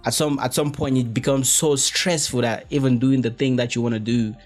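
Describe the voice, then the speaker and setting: A man from Africa, hosting a podcast in a rambling, profane, animated monologue full of restarts. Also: medium pitch, brisk, faint music behind. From West Africa. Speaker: podcast host. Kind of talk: casual monologue.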